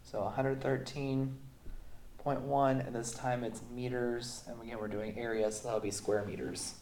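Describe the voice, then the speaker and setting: Man, sick voice, math teacher, relaxed with lots of ums, middle pitch, roomy echo. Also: slight background noise. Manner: relaxed, many ums, walks through steps slowly. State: sick, voice sounds off. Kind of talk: recorded math lesson.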